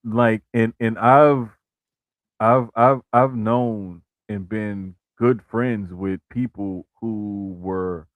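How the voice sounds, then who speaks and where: A man co-hosting a wrestling podcast in relaxed casual talk, full of "like" and "bruh" and frequent restarts. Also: fairly low pitch, drawn-out words, dry recording. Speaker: podcast co-host.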